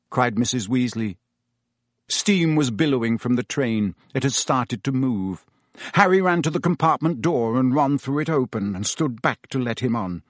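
A man narrating a story in a measured storytelling voice. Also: mid-range voice, dry recording, studio quality. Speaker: audiobook narrator. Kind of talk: scripted narration.

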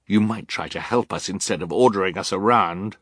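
A man's voice: sits low, brisk, fairly bright tone, breathy edge, no echo, studio quality. A male audiobook narrator voicing a determined, resourceful teenage girl, earnest and pleading. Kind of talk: audiobook character voice.

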